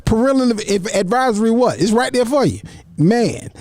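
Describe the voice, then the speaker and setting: A man hosting a casual panel discussion, animated, often repeating his words as he goes. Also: very high-pitched, moderate pace, no echo. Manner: animated, repeats words, acts out others' voices. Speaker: talk show host.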